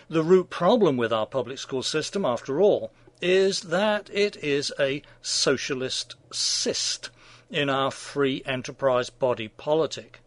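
Sarcastic guy doing a scripted commentary, pitch bouncing all over, dry close sound. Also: no room sound. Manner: sardonic, mocking.

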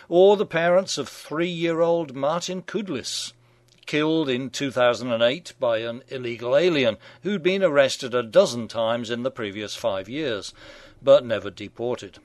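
A man's voice: mid-range voice, dry recording. A middle-aged man hosting a radio show, reading scripted satirical commentary in a wry, mock-genial manner.

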